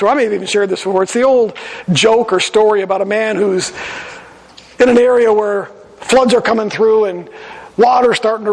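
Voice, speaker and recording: A man's voice: sits high, vocal fry, in a large hall, low-quality recording. A male pastor preaching a sermon in a conversational, storytelling manner in a church sanctuary.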